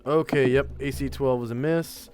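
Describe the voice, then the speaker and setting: A man narrating a tabletop game as game master, in a measured, unhurried way with fillers. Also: mid-range voice, steady tone, over music.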